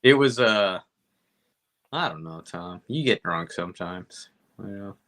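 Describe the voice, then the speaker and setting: A man co-hosting a movie podcast speaks in a lowish but bright, forward voice. He is laid-back and teasing, and his halting sentences trail into fillers. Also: expressive. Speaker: podcast co-host. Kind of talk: casual movie-review banter.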